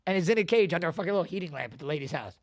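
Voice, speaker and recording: Gravelly profane man telling stories. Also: on the high side, rapid-fire, dry recording, studio quality. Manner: profane, animated storyteller with bursts of loud laughter. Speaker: podcast host. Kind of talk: casual storytelling chat.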